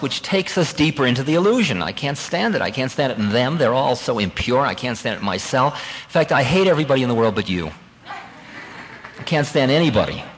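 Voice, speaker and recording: Animated man telling a spiritual story. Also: mid-range voice, long reverb tail, poor audio. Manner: animated, conversational, laughs at himself. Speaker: spiritual teacher.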